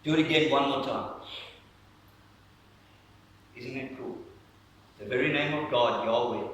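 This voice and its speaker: A male pastor preaching a lively sermon to his congregation, guiding them through breathing along the way. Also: mid-range voice, slight background noise. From South Africa. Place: church hall. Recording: echoey church hall, mic at a distance.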